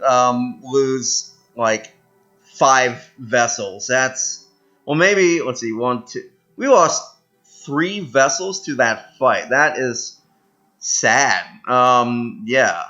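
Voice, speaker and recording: A young man with a medium-pitched, pushed, bright voice speaks slowly while casually commenting on a strategy game he's playing. He thinks aloud with plenty of fillers and laughs and reads event text out loud, over soft background music in dull audio.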